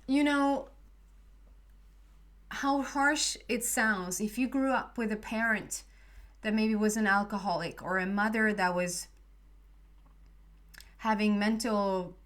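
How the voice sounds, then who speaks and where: A woman's voice: medium pitch, steady tone, slow pace, pauses often, a bit bright. A woman giving a casual spoken tarot reading, rambling with many fillers and restarts. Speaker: tarot reader.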